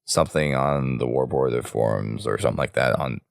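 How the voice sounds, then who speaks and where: A sick, hoarse man hosting a podcast, rambling casually through news and sign-off plugs. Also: extremely low pitch, normal speed, no echo, clean studio sound. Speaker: podcast host.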